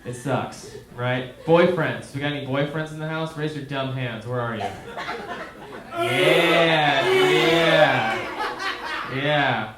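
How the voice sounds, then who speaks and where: A man talks slowly in a mid-range voice during a stand-up set in a small theater, with a noisy background. He converses with the audience and asks them questions, and the roomy live recording captures their laughter.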